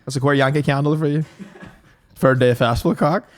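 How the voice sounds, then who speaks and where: A man's voice: medium pitch, fairly even intonation. A young man with a Northern Irish accent, trading crude, dry quips in a casual podcast chat. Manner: quick dry quips, swearing.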